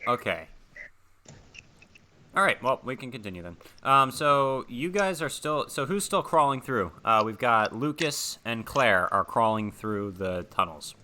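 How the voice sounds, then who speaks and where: A young man as game master, narrating a tabletop horror game over voice chat with relaxed fillers. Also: mid-range voice, measured pace.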